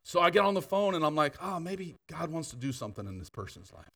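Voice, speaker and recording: A man preaching in a church, telling stories with laughs and asides, then turning quieter to lead an altar call. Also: a little high, quick pace, gravelly, recorded from a distance. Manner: animated storytelling with laughter and asides. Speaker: pastor. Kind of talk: sermon. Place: church sanctuary.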